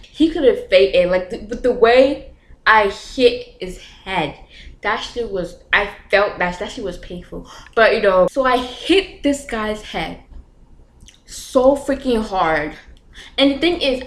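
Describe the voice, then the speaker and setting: A woman's voice: mid-range voice, expressive, unhurried. A young woman vlogger telling a story in a casual, chatty way, full of filler words and nervous laughs. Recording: echoey room.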